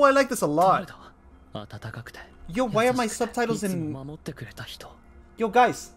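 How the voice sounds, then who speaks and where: A man from Colombia giving chatty, excitable gameplay commentary on a live stream, joking at his own expense and talking to viewers. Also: sits high. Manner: excitable, chatty, self-mocking, talks to chat. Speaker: game streamer. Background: faint game music.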